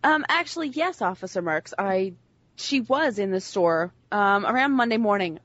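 A calm, helpful shopkeeper answers plainly, as a woman plays her. Her voice is husky, with lively pitch movement. It sounds dry and close. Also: normal speed, no room sound, dull audio.

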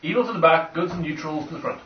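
A man playing a tabletop game, excitable and playful in his banter. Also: a little high, quick pace, slight background noise. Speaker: player. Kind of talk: casual tabletop game play. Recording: roomy, distant, dull lo-fi room mic.

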